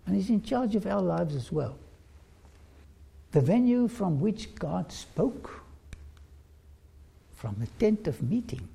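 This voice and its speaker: A preacher retells a Bible story in a sermon, slowly putting questions straight to the listeners. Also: mid-range voice, creaky, dark tone, breathy edge. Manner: slow, questioning listeners directly.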